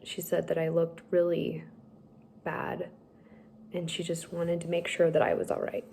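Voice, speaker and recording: Slow, gravelly young woman. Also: fairly low pitch, monotone, a little mellow, a little hiss or hum. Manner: slow, halting, tearful at times. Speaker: speaker sharing a personal story. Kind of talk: emotional personal testimony.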